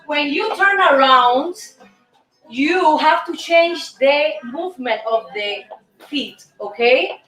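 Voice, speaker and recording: A woman's voice: high voice, animated, slow pace, a bit bright. A woman hosting a live dance lesson, upbeat and instructive, counting the steps aloud. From Cuba. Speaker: host and dance teacher. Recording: echoey room with music playing.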